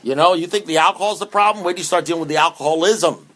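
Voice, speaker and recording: A man's voice: fairly high pitch, racing, fairly bright tone. A man giving a humorous, emphatic talk at a recovery meeting, with many restarts and repeated phrases. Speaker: AA speaker.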